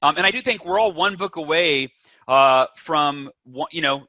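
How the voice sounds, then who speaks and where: A man's voice: a little high, moderate pace, bright, forceful tone, dry recording. A man guest on a podcast, talking with energy and emphasis and acting out the voices in people's heads. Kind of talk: animated interview talk.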